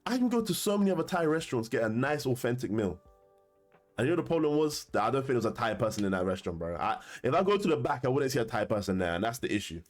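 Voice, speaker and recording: A man's voice: mid-range voice, big pitch swings, rapid-fire, faint music behind. A man telling a story to camera in a casual, slangy way, often laughing. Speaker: commentator.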